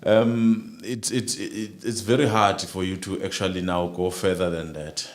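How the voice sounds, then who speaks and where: A man co-hosting a live stream, giving his views in halting speech full of repeated words and fillers. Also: sits low, little pitch movement. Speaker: livestream co-host commenting on a court case. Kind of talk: casual live commentary.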